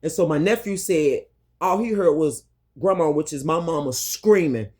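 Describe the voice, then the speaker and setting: A woman's voice: deep voice, moderate pace, a little mellow, breathy edge. A woman recounts a personal story to her viewers in a candid storytime monologue. She speaks directly to the audience and swears freely. She circles back and repeats her points for emphasis. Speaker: vlogger.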